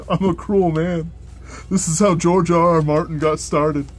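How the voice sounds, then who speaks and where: A man's voice: fairly high pitch, fairly even intonation, measured pace. Rambling young man opening card packs. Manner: rambling, filler-heavy, swears when annoyed. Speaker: card unboxing host. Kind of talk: casual rambling chat while opening packs.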